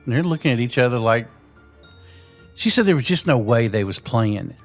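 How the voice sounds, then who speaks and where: With faint music playing behind him, this male host meanders through a ghost story, peppering it with fillers like "you know." He has a medium-pitched, animated voice and keeps a moderate pace.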